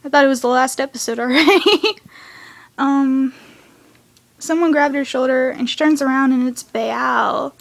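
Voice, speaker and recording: A teenage girl with a high, bright voice rattles through a cartoon episode she just watched, chatty and excitable. She recaps at speed, then slips into hushed whispered asides. She is recording at home, alone in her room. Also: normal speed, gravelly. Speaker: fan reviewing a cartoon episode.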